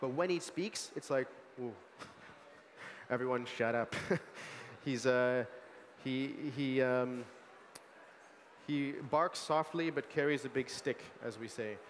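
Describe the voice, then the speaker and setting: An American man, a young adult sommelier, giving an animated, chatty wine tasting talk full of asides and fillers at a food market event. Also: medium pitch, takes it slowly, pauses often, in a large hall, slight background noise. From United States. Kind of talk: lively tasting presentation.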